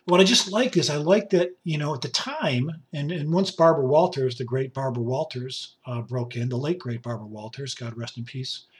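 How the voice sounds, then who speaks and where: A man in his sixties, hoarse and raspy from a cough, hosting a rambling, jokey solo podcast from a basement home studio. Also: mid-range voice, moderate pace, few pauses. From upstate New York. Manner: rambling, jokey, with many fillers and asides. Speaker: podcast host.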